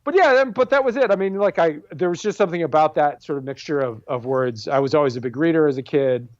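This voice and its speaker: A man's voice: on the high side, fast, no room sound, dull audio. A man in his forties, a comic book artist and writer guesting on an interview show, talking casually with many fillers and restarts. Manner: rambling, self-deprecating, many fillers and restarts.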